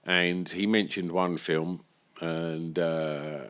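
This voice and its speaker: A man's voice: sits low, drawn-out words, clean tone. A man co-hosting a podcast, telling a story in casual banter and acting out the people he quotes. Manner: animated storyteller, acts out quoted voices. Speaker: podcast co-host.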